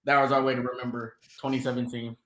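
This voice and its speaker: A man's voice: mid-range voice, little pitch movement, fast talker, a bit bright. A man from Atlanta co-hosting a casual sports talk show, riffing playfully on jokes and laughing easily. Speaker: co-host. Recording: echoey room.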